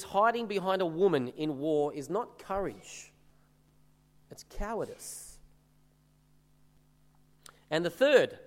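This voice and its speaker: A man's voice: high voice, big-room sound. A man preaching a sermon, reading verses aloud and explaining them in an earnest, emphatic way.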